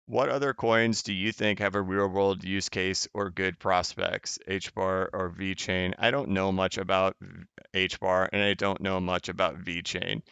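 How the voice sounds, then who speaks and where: A man's voice: deep voice, flat delivery, measured pace, creaky, a bit bright, clean tone, no echo, highs cut off. A man hosting a crypto live stream, chatting casually as he reads viewer comments, rambling and correcting himself, often laughing.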